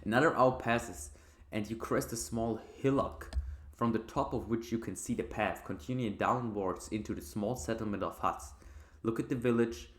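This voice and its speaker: A man's voice: fairly low pitch, fairly even intonation, normal speed, fairly bright tone, echoey room. A man hosting a let's play, reading game text aloud and breaking into casual, swear-filled commentary and laughter. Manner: swears freely, laughs at the story.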